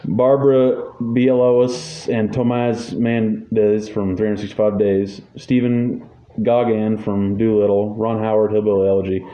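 A man's voice: on the low side, little pitch movement, unhurried, warm tone. A man hosting a casual podcast, reading award nominees aloud with wry asides. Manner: reads lists, wry asides, chuckles. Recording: echoey room, dull lo-fi sound, faint noise.

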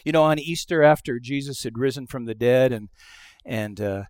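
A middle-aged male pastor delivering a conversational sermon, telling stories and acting out quoted lines, moving between hushed asides and loud exclamations. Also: mid-range voice, normal speed, clear, resonant tone, no echo, studio quality. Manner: conversational storytelling with acted-out quotes.

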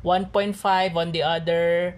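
A woman with a Filipino accent chats on a podcast at a slow, unhurried pace. She hesitates often, filling gaps with "uh" and restarting her sentences as she searches for words. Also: on the low side, little pitch movement. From Philippines. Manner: hesitant, halting, lots of fillers and restarts. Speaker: podcast co-host. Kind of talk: casual chat.

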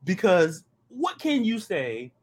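A man from the American South co-hosting a podcast, talking in an animated, ranting way and stumbling over repeated words when excited. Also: sits high, slow. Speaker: podcast co-host. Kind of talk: casual sports chat.

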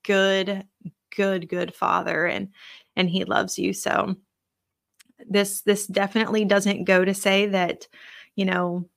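A woman's voice: medium pitch, little pitch movement, creaky, dry recording, clean studio sound. Earnest woman sharing a faith testimony. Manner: earnest, emotional, halting with restarts. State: overwhelmed with emotion. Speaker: podcast host. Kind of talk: personal faith testimony, casual podcast.

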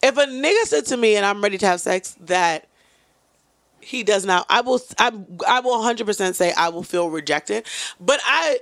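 A woman's voice: mid-range voice, expressive, normal speed, fairly bright tone, no room sound, studio quality. A woman on a podcast telling frank personal stories in casual group chat, often quoting others. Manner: frank storytelling, quotes others in dialogue.

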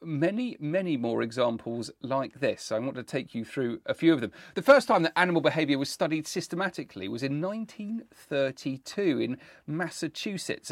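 A man from the United Kingdom co-hosting a history podcast, telling a personal story with enthusiasm and many pauses and ums. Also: on the high side, dry recording, studio quality. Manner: enthusiastic, musing, with frequent ums. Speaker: podcast co-host. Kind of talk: storytelling, reading out historical accounts.

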